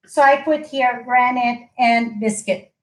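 A woman's voice: a little high, steady tone, slow pace. A woman hosting a live-streamed stamping craft chat. She talks in a gushing, chatty way with loose phrasing. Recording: echoey room.

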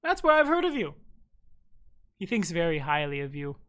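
A game master voicing a chatty, fussy fey mother creature in a high airy voice. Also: huge pitch swings, moderate pace, fairly bright tone.

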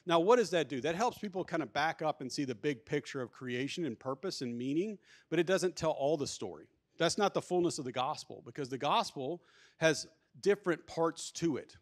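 A man giving an energetic, emphatic workshop talk at a conference, conversational and often restarting his sentences. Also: on the high side, a little fast. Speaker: workshop speaker at a Catholic conference. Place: conference hall. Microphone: handheld or lapel microphone.

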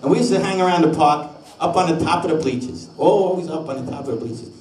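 A man's voice: fairly high pitch, fast. An older man, an oldies singer and comedian, chatting with his audience and telling a jokey neighborhood story between songs on a live stage. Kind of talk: live concert banter and singing. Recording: echoey live hall, mic from a distance, band playing loud.

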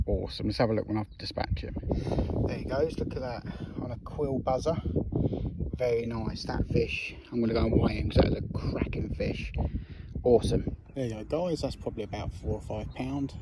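Excitable angler outdoors. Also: male voice, medium pitch, normal speed. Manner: excitable, chatty, addresses viewers as guys. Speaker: fishing vlogger. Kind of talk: casual commentary while fishing. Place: outdoors by a lake. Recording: loud outdoor noise.

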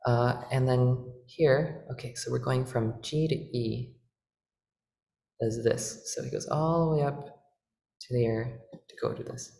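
A man's voice: medium pitch, fairly even intonation, takes it slowly, creaky. A man presenting an organ workshop, patiently explaining music theory with fillers and self-corrections. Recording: echoey room with organ playing.

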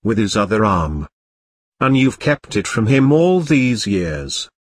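A man voicing a huge, furious, bearded giant who booms and blusters in a storybook reading. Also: very animated, takes it slowly, breathy edge, no room sound, full character voice. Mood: enraged. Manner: blustering, booming speech.

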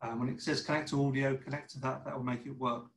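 A man's voice: mid-range voice, level tone, fast, roomy sound, a little hiss or hum, poor audio. A man giving an informal sermon over a video call, chatty, acting out little dialogues and often restarting his words. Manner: conversational, acts out little dialogues, stammering restarts. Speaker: church teacher.

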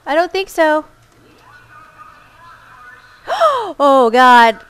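A woman's voice: high voice, expressive, unhurried. A woman giving let's play commentary as she plays, reacting aloud, exclaiming and muttering to herself. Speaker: gamer.

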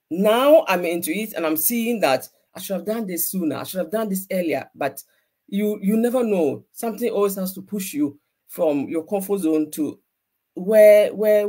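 A woman who works as a social worker, speaking in a casual group chat, reflective and pausing to search for words. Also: medium pitch, dark tone. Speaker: social worker and business mentee. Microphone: video call.

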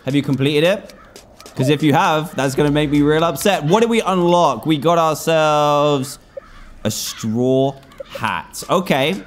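A young man in his twenties commentating his own gameplay, excitable, exclaiming and groaning at every slip. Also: a little high, a little slow, a little hiss or hum. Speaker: gaming YouTuber.

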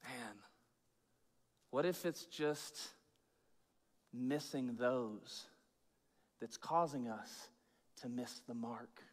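A man preaching a sermon as pastor, casual and chatty, swinging between loud emphatic bursts and low hushed asides. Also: extremely slow, long pauses. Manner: informal, chatty preaching with fillers and repeats. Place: church sanctuary with long reverb. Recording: echoey church hall.

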